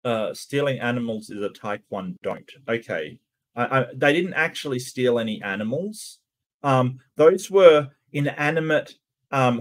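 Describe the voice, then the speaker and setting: Watching a cartoon along with his audience, a man offers casual reaction commentary and responds to chat. His middle-pitched voice stumbles through repeated starts and words while he works out what to say.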